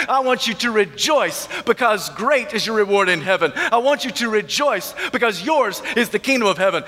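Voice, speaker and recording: A man, a minister preaching a sermon with emphatic repetition and drawn-out stresses. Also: high-pitched, sharp tone, long reverb tail.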